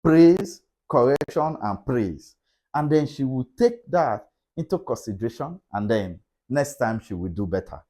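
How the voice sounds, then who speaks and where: A middle-aged relationship speaker, his voice medium in pitch and dark in tone, moves at a measured pace with lively intonation. His motivational talk repeats key ideas emphatically, carried by a preacher-like cadence.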